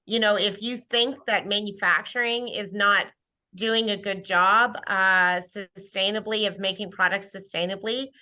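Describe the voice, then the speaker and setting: Bright-voiced earnest woman panelist. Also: mid-range voice. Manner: earnest, encouraging, with hesitations. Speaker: industry panelist. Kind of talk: answering a question.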